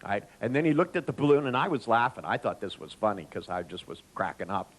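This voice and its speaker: A man's voice: lowish voice, fast, a little hiss or hum, low-quality recording. A man giving a live seminar talk to an audience, joking and telling anecdotes as he speaks to them directly. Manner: animated storyteller, joking, addresses audience directly.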